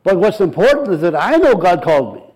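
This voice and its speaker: A man's voice: sits high, big pitch swings, fast talker, a little mellow, husky, rough recording. A middle-aged male pastor preaching a sermon, emphatic and repetitive, building in intensity as he presses his points.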